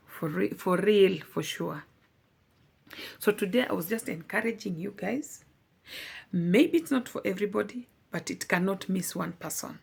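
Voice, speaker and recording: Young woman vlogger, slow deliberate delivery, earnest and pleading, husky tone. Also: lowish voice. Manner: earnest, pleading, repeats for emphasis. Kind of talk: heartfelt personal testimony.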